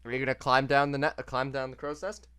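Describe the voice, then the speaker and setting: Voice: medium pitch, flat delivery, fast talker, fairly bright tone, clear, resonant tone, no echo, studio quality. A game master narrating a tabletop game over a voice call, casual and hesitant with many fillers. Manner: hesitant, lots of uh and restarts, casual. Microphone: desk mic on a voice call.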